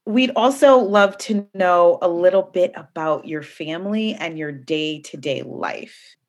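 Lower-voiced enthusiastic woman co-host. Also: unhurried, dull audio. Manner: enthusiastic, affirming. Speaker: podcast co-host. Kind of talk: casual podcast interview.

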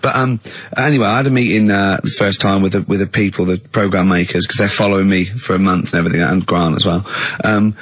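An English man in his forties hosting a radio show, telling rambling, bumbling stories and breaking into high laughs. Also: steady tone, fast, slightly rough, no echo. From England. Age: 40s. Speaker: radio host. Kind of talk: casual radio banter.

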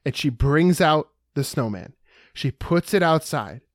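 A man co-hosting a podcast in casual chat, telling a story with animated, exaggerated dismay. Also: a little high, measured pace, no room sound, clean studio sound. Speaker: podcast co-host.

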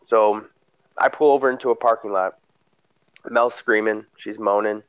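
A man with a fairly low voice tells a story in a casual, animated way. He acts out what others said with sudden loud, high bursts. The recording sounds dull and lo-fi. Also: moderate pace. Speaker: guest telling a story.

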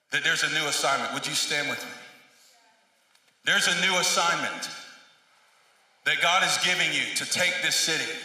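A man preaching a sermon, telling stories and building to emphatic shouted peaks. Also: a little high. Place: large echoey church hall. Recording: echoey hall from far off.

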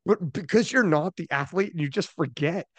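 A man with a high, bright speaking pitch hosts a podcast in loose, animated casual chat, spinning stories with plenty of swearing. The sound is dry and close, with no room around it. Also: normal speed, husky, no room sound. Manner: animated storyteller, loose and profane. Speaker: podcast host.

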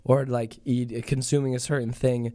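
A man co-hosting a casual comedy podcast, tossing in quick jokes and laughing along. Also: medium pitch, flat delivery, dark tone. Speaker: podcast co-host.

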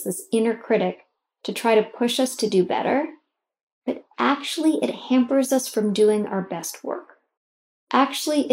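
A woman's voice: mid-range voice, mellow. A middle-aged woman hosting and guiding a self-help exercise, coaching the listener directly with emphatic, encouraging instructions.

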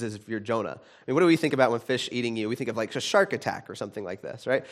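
A man preaching a sermon in a conversational way, with frequent restarts, who grows animated when he retells a story. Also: medium pitch, fast talker, hardly any pauses. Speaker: pastor.

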